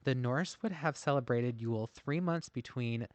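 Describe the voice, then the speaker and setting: A man's voice: medium pitch, moderate pace, few pauses, no echo, dull audio. A man co-hosting a casual podcast, reading notes aloud and often laughing at himself. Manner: self-deprecating, laughs often. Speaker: podcast co-host. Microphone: masked while recording.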